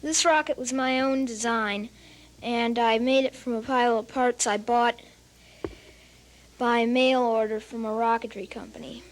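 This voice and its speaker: Woman calmly explaining a hobby. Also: a little high, measured pace, rough recording. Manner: plain matter-of-fact explaining, occasional hesitation. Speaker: hobbyist explaining model rockets. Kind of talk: casual show-and-tell explanation.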